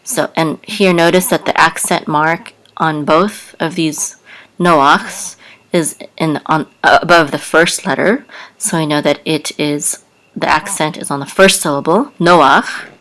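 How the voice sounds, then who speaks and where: A woman's voice: low voice, unhurried, a bit bright. A woman teaching a language lesson, patiently spelling out sounds letter by letter. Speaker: Hebrew teacher. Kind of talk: slow spoken lesson.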